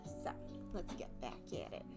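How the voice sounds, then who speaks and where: Chatty young woman streaming while painting. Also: measured pace. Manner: chatty, self-mocking, repeats phrases, swears casually. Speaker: art streamer. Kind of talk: casual live-stream chat while painting. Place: home living room. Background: soft music playing.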